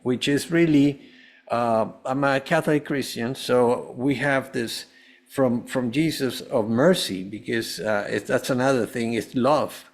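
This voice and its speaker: A man's voice: mid-range voice, unhurried. A man, a holistic health coach, telling his personal story as a podcast guest in an earnest, rambling way with many restarts.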